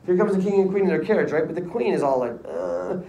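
A male history teacher telling a lively classroom story in casual slang, acting out voices. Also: sits high, very fast, highs cut off. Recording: echoey room, distant mic.

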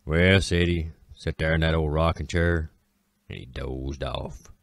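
A man with an Appalachian accent telling a folk tale in a slow, drawling way, with dramatic pauses. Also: extremely low pitch, steady tone, no echo. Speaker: storyteller. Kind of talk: folksy spoken storytelling.

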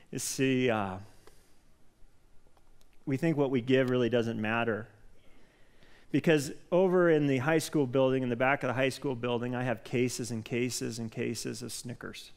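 A man preaching a casual, excitable sermon in a church, often restarting his sentences. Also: mid-range voice. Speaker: pastor. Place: church sanctuary.

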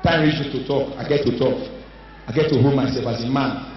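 A man with a Nigerian accent telling a stand-up story, animated and loud at times. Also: mid-range voice, a little fast, dull audio. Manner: animated, loud comic shouting. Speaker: stand-up comedian. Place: large live venue. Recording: echoey live hall from far off.

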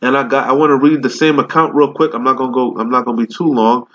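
A man preaching a scripture-reading sermon, scolding listeners with profanity and reading verses slowly and deliberately. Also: mid-range voice, steady tone. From Caribbean islands. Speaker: street preacher. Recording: dull lo-fi recording.

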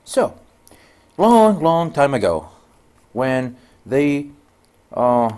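A man's voice: medium pitch, sing-song, extremely slow, dark tone, clean tone. A male networking instructor giving a casual screen-share tutorial, telling stories full of "you know" and "goes like" in non-native English phrasing.

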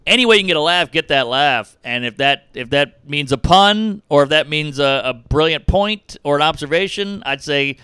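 A man who is a comedian, chatting casually about comedy writing in an emphatic, quick-riffing way. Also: fairly high pitch, expressive, sharp tone, clear, resonant tone, no room sound, studio quality. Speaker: comedian guest.

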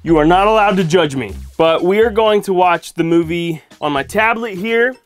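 A man's voice: high-pitched, moderate pace, faint music behind. A man casually chatting to the camera in a van vlog in a playful, joking manner. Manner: playful, talks to his dog, sings goofily. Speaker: vlogger. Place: camper van in winter.

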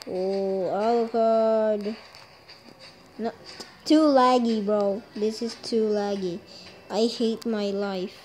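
A woman's voice: mid-range voice, takes it slowly, a little mellow, a little hiss or hum. A woman commentating her own game match, trash-talking and complaining about lag with frequent swearing. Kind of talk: gameplay commentary.

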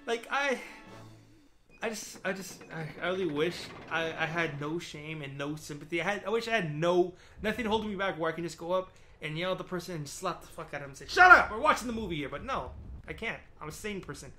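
A man's voice: on the high side, brisk, fairly bright tone, soft background music. A young man hosting a gameplay video, ranting in an exasperated, rambling way with plenty of restarts and swearing. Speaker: gaming video host. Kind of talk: rambling commentary over gameplay.

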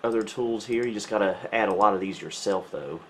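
A man hosting a retro computer channel, giving casual gameplay commentary with relaxed, wry, self-mocking asides. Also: on the low side, brisk, a little hiss or hum.

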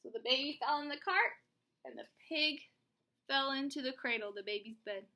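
A young woman, a teacher at home, reading a storybook aloud to her child with animated, chatty asides. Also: high-pitched, moderate pace.

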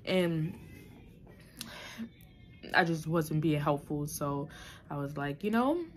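A woman's voice: low voice, level tone, slow, soft background music. A young adult woman talking candidly to camera in a personal vlog, reflective and emotional, with many fillers and restarts. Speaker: vlogger. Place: New York City.

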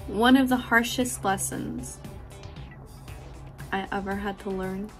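A woman's voice: medium pitch, steady tone, takes it slowly, soft background music. A woman giving a frank, profane, affectionate motivational talk to her viewers, laughing often. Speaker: beauty vlogger. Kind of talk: candid motivational talk to camera.

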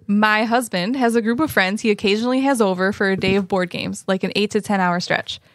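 A woman's voice: mid-range voice, fairly even intonation, a little fast, no room sound. Woman, podcast co-host, easygoing, laughs a lot, dry close sound. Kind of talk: casual chat, reading a story aloud.

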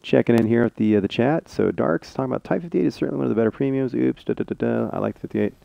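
A man streaming a tank game live, chatting excitably to teammates and viewers. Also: medium pitch, rapid-fire, vocal fry, dry recording, muffled recording. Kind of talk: live gameplay commentary.

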